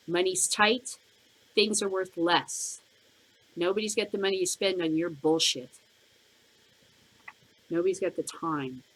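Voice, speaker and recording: Blunt, profane woman ranting. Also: slightly rough. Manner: blunt, profane, swings between shouting and low muttering. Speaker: podcast host. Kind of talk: ranting commentary.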